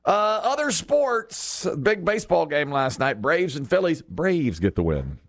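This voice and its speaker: Animated male sports talk host. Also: fairly high pitch, measured pace, very noisy. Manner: animated storyteller, acts out quotes, laughs often. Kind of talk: casual sports chat.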